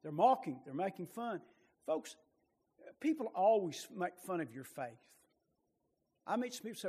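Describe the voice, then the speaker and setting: A man preaching a sermon with passion, rising to loud bursts and dropping to quiet, low asides. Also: big pitch swings, measured pace, pauses often, husky, long reverb tail.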